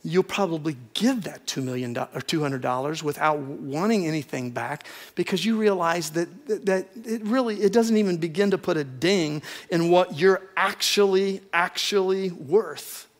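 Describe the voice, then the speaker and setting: A man's voice: fairly high pitch, normal speed, hardly any pauses. A man preaching a sermon, earnest and emphatic, building points through repeated lists.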